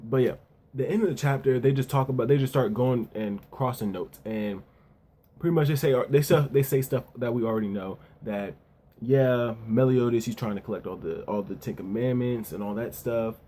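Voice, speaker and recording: A man's voice: medium pitch, moderate pace, warm tone. A man casually reviewing a manga chapter, talking loosely in slang with plenty of "yo" and "you know what I'm saying.".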